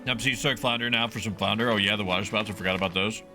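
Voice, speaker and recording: A man's voice: lowish voice, fairly even intonation, quick pace. A man streaming a game, chatting casually with viewers in a rambling way and swearing freely. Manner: rambling and profane, talks to chat. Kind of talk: casual gameplay commentary. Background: game music.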